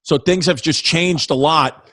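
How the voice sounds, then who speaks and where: A male podcast co-host with a New York accent who keeps restarting his questions. His voice is a little high, and the recording is close and dry. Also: measured pace, fairly bright tone, dry recording. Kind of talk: casual podcast chat.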